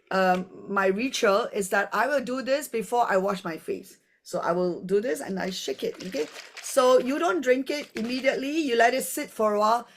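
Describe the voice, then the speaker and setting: A woman who presents skincare products in a live demonstration. She talks in a chatty, rambling way full of fillers. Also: on the high side.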